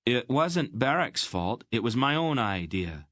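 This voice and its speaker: A man's voice: mid-range voice, big pitch swings, measured pace, fairly bright tone, no room sound, studio quality, voice pushed up. Man voicing a sulky, defiant farm boy. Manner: sulky, defensive, blurting. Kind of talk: audiobook character voice.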